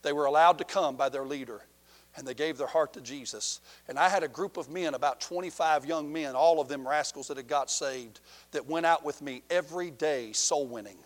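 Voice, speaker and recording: A middle-aged man preaching a sermon, telling a story with passion, rising loud and then dropping low. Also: fairly quick. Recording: long hall reverb.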